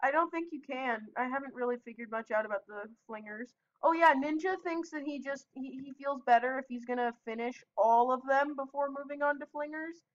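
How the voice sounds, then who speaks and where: Excitable high-voiced woman gaming. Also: lo-fi sound. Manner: excitable, yelping protests and quick asides. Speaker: gaming video host. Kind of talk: casual gameplay commentary with friends.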